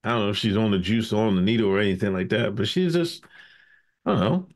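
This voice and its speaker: A man hosting a casual podcast, telling stories with animated, profane banter. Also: on the low side, quick pace. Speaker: podcast host.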